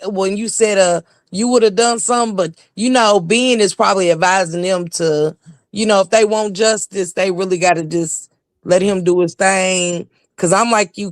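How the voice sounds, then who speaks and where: A woman's voice: mid-range voice, dry recording, clean studio sound. A woman calling in as a livestream guest, chatting casually in a rambling way with lots of fillers. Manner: rambling, with many restarts and fillers. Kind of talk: casual call-in commentary.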